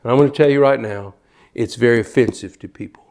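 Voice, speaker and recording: A man's voice: medium pitch, quick pace, darkish tone. Fervent older male preacher. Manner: fervent, repeats words as he builds a point. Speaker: pastor. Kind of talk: sermon.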